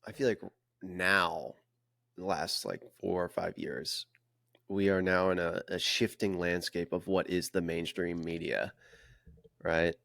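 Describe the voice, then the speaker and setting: Low-voiced opinionated man, dry sound. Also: level tone, measured pace, fairly bright tone, no room sound. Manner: opinionated, clears throat. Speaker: podcast co-host. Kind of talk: casual podcast chat.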